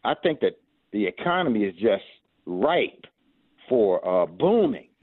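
A man's voice: lowish voice, big pitch swings, a little slow. A man calls in to a radio show over a tinny phone line, urging his point earnestly. His voice rises and falls widely, and he stumbles at the start of phrases. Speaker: caller. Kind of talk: call-in radio talk.

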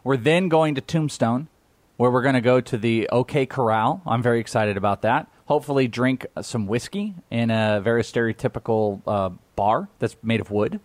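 Male co-host, mid pitch, rambling and laugh-prone, dry close-mic sound. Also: normal speed, dry recording. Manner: rambling, laughs often, trails off and restarts. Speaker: podcast co-host. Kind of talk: casual chat.

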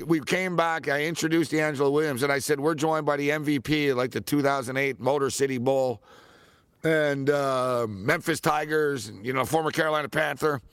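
A man hosting a sports talk show, telling stories in a casual, animated way and laughing often. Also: mid-range voice, dry recording. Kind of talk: casual storytelling chat.

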